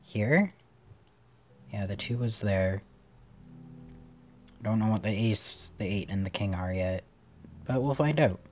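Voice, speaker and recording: A man's voice: fairly low pitch, slow pace, long pauses, a little hiss or hum. A man giving playful let's play commentary on a puzzle game, swearing casually and chatting to the characters on screen. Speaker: gamer playing a puzzle game.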